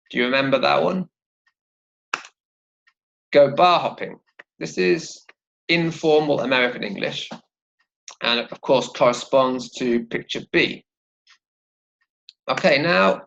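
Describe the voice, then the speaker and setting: A man teaching an English vocabulary lesson, slowly modelling pronunciation and asking learners to repeat. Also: fairly high pitch, vocal fry, fairly bright tone, dull audio. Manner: slow, deliberate, models pronunciation for repetition.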